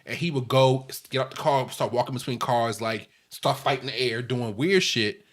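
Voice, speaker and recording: A man, co-hosting a podcast in casual chat, telling stories with halting restarts and laughing as he goes. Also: mid-range voice. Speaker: podcast co-host.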